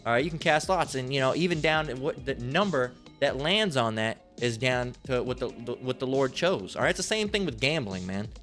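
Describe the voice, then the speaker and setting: A man's voice: medium pitch, lively intonation, brisk, few pauses, a bit bright, faint music behind. Rambling, cussing man giving a Bible talk. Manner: rambling, slangy, swears freely. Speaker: lay Bible teacher. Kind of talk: casual profane Bible lesson.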